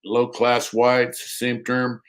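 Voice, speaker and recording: A man's voice: mid-range voice, monotone, slow pace, a bit bright. Rambling man chatting on a livestream. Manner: rambling, repeats himself, reads chat aloud; talks to his dog between thoughts. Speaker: livestream host. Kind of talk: casual livestream chat.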